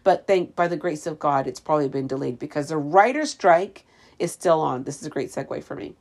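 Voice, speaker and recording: A woman from Canada talking straight to her phone in a loose, ranting chat. Her voice sits low with a gravelly edge, and she is sarcastic and wry as she goes along. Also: lively intonation, brisk, a little mellow. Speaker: vlogger. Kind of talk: casual chat. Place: room with the windows open.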